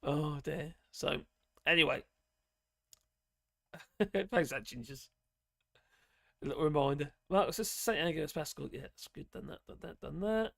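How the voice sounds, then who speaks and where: A chatty man hosting a live stream, rambling from one thought to the next as he works through viewer messages. His voice sits a little on the high side and is wearing thin as he loses it, and the sound is close and dry with no room echo. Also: measured pace, gravelly, pauses often. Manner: rambling, chatty, reads chat messages aloud. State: losing his voice. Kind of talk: casual live-stream chat.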